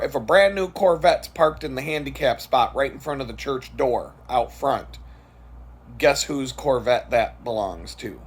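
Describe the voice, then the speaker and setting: Blunt, husky-voiced man telling a story. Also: medium pitch. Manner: blunt and profane, laughing at his own story. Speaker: vlogger. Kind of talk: casual storytelling vlog.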